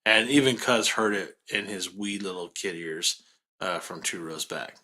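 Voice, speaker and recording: Low, bright-voiced podcast host. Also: male voice, a little slow. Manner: playful, hands over to a co-host. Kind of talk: casual podcast introduction.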